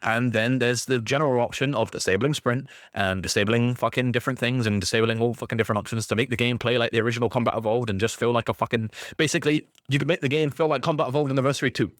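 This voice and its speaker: A man's voice: mid-range voice, steady tone, quick pace, hardly any pauses, dry recording. Man, gaming youtuber, angry swear-filled rant, dry close mic. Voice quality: heavy swearing, exasperated ranting. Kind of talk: ranting video commentary.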